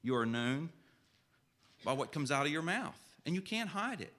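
A man preaching a sermon in a conversational way, asking his listeners direct questions and reading scripture slowly and solemnly. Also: a little high, animated, bright, forceful tone.

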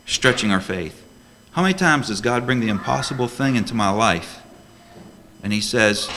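A man's voice: mid-range voice, animated, normal speed, sharp tone, slight background noise. A man preaching a sermon to a church congregation as a deacon, earnest and emphatic, full of rhetorical questions.

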